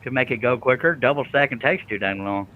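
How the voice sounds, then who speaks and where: A man's voice: medium pitch, brisk, narrow, tinny audio, a little hiss or hum. A man hosting a live stream, chatting casually and joking while he works at a scroll saw. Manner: joking, folksy, laughs often. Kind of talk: casual chat while working.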